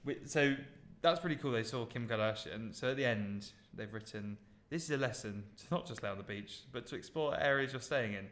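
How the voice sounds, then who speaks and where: A man co-hosting a relaxed podcast, chatting easily with his co-host. He reads listener stories aloud and keeps stopping for his own asides and tips. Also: mid-range voice, brisk, few pauses. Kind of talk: casual chat.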